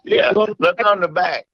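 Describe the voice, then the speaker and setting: A man's voice: high-pitched, slightly rough, dry recording, highs cut off. A man, a golf podcast guest, chiming in on a shared story with chuckles. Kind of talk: casual storytelling.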